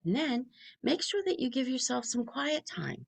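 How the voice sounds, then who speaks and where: Chatty, gravelly-voiced New woman. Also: sits high, big pitch swings. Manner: chatty, talks fast with few pauses. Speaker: speech pathologist presenting to parents. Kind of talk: informal presentation to families.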